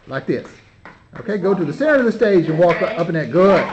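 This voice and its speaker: Filming on a handheld camera mic, a man directs and narrates a children's home play, patiently coaching the kids through rehearsal with encouraging, repeated praise. His voice is high with big pitch swings and a little fast, and a crowd can be heard behind him. The lo-fi camera audio is slightly dull, with faint noise.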